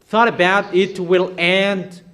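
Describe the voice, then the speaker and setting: A man's voice: high-pitched, little pitch movement, slow pace, fairly bright tone. A man preaching a sermon in a declamatory, repetitive way.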